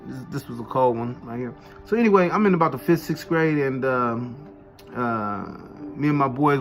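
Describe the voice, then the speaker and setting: A man's voice: medium pitch, a bit bright. A man casually telling a story from his school days in a laid-back, profane way, full of street slang and "you know what I'm saying". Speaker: vlogger telling a personal story.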